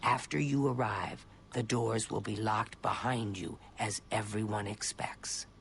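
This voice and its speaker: Gravelly, scheming lizard assassin contact. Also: male voice, fairly low pitch, fairly even intonation, unhurried, a little hiss or hum. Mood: sinister. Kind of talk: game dialogue.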